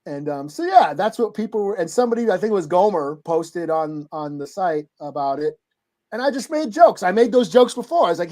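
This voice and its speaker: A man's voice: high voice, animated, a little fast, darkish tone. A man co-hosting a comic book podcast, telling stories in a laid-back way and laughing often. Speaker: podcast co-host. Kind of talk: casual chat.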